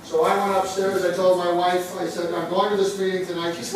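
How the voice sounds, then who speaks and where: A man's voice: high voice, little pitch movement, brisk, background noise. Indignant man telling a story in an echoey hall. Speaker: political speaker. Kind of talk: storytelling speech. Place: meeting hall with audience. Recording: roomy hall from far off, crowd. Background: crowd.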